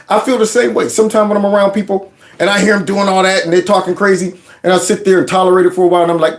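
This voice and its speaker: A man hosting a casual political commentary channel, animated and mocking, in loose slang. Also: high-pitched, rapid-fire.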